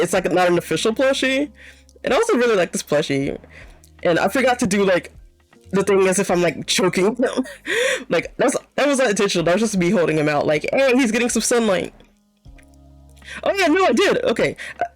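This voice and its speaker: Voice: mid-range voice, no room sound, poor audio. A young adult VTuber chatting casually on stream in a rambling, filler-heavy way, often breaking into giggles.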